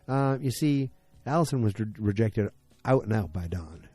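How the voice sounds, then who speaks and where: Male podcast host, low husky voice, dry close sound, loose rambling recap. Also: lively intonation, a little slow, mellow, no room sound, soft background music. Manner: rambling, loose, many fillers and restarts. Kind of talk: casual episode recap.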